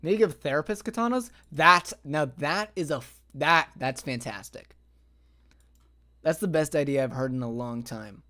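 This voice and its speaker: A man streaming a game live, chatting to his viewers, swearing often and breaking into sudden loud outbursts. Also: on the high side, normal speed. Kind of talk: live gameplay stream chat.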